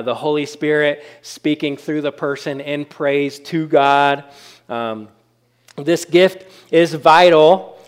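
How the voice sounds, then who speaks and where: A man's voice: a little high, clean tone. A man preaching a sermon as pastor, in a conversational style with frequent fillers and check-ins with the congregation.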